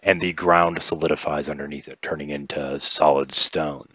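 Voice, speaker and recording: A man narrating a tabletop game as game master, in a relaxed, rambling way with fillers. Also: very deep voice, moderate pace, breathy edge, dry recording, dull audio.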